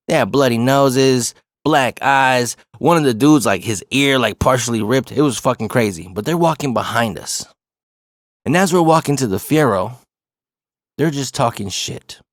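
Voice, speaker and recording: A man telling a personal story in a casual, profane, animated way. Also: mid-range voice, dry recording, clean studio sound.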